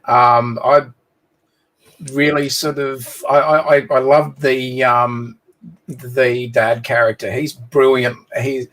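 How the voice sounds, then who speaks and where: A man's voice: mid-range voice, flat delivery, takes it slowly, fairly bright tone, rough recording. An Australian man joining a livestream as a guest, chatting in a friendly way with many fillers and restarts. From Sydney, Australia. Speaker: guest co-builder. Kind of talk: casual chat.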